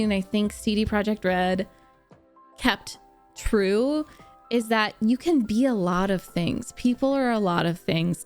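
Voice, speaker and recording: A young woman streamer with a medium-pitched voice chats casually with live viewers while reacting to a book series. She gushes, stays animated, and laughs often as she answers their comments.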